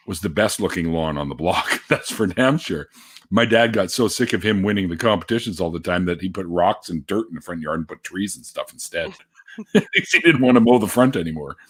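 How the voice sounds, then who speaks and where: A middle-aged man from Canada tells stories in a loose, casual chat. He swears freely and laughs often. His voice sits very low and has a husky edge, with lively rises and falls in pitch. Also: moderate pace. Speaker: podcast host.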